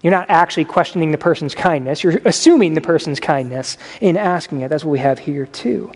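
A man preaching a sermon as pastor in a conversational way, with animated asides. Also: fairly high pitch, a little fast, big-room sound. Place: church sanctuary.

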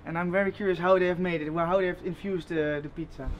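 A young man hosting a travel vlog, talking to camera in a relaxed, chatty way with loose phrasing. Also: sits high, fast, highs cut off, background noise. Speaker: travel vlogger host. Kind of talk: casual vlog narration to camera.

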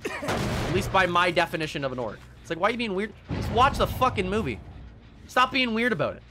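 A man's voice: sits high, big pitch swings, brisk, background noise. A young man streaming a game live, casually ranting and swearing, laughing at himself between rants. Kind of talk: casual live-stream chat while gaming.

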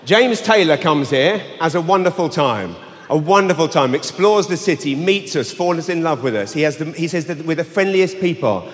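A man's voice: a little high, expressive, moderate pace. A man with a London English accent doing a brash, sweary stand-up set live in a large arena on a handheld mic. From England. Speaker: stand-up comedian. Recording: live arena with long reverb, faint hum.

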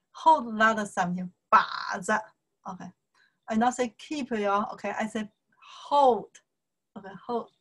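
Slow, patient woman teaching Chinese. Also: mid-range voice, a bit bright. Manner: patient, repeats points and checks with "okay?"; broken English mixed with Mandarin phrases. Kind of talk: online language lesson.

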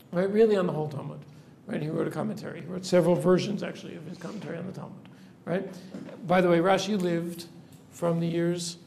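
High, gravelly-voiced rabbi lecturing a class. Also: male voice, darkish tone, a little hiss or hum. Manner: explanatory, tags "right?" onto nearly every point; asks the class questions. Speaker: rabbi teaching a seminary class. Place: classroom with students.

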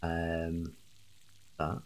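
Man, very deep voice, casual game commentary, chatty and joking, noisy audio. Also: monotone, very slow. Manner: joking and chatty, addressing chat. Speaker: streamer.

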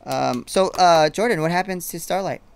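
A man's voice: high voice, moderate pace, vocal fry, clean tone. A man co-hosting a casual podcast, easygoing and trailing off with fillers. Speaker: podcast co-host.

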